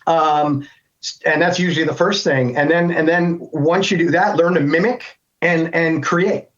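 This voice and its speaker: A man's voice: a little high, fairly even intonation, moderate pace, fairly bright tone. Middle-aged American man, rambling, lo-fi. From United States. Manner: rambling, thinks aloud with many restarts. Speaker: guest voice actor. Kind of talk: casual interview chat. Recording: dull lo-fi sound.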